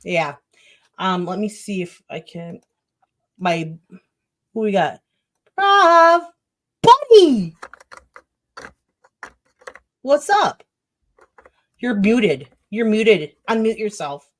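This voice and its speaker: A woman's voice: medium pitch, huge pitch swings, drawn-out words, long pauses. A woman hosting a casual livestream chat, talking loosely and offhand with guests and laughing easily. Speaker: livestream host.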